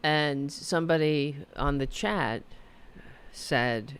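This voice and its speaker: Speaking slowly in a low, clean voice with fairly even intonation, the middle-aged host broadcasts her talk show from her apartment. She wanders through topics, mocks herself, and reads chat messages aloud.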